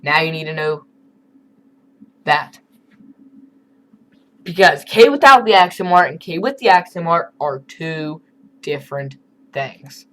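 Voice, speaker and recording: A man's voice: fairly high pitch, lively intonation, a little slow, pauses often, fairly bright tone, low-quality recording. Casual man teaching a Spanish lesson. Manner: casual, conversational teaching with asides. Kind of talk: screen-recorded online lesson.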